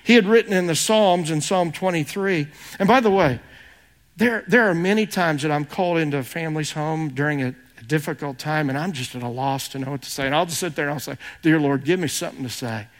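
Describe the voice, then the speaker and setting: A man's voice: on the high side, fairly quick. A middle-aged man preaching a sermon, mixing scripture readings with earnest personal stories. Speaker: pastor.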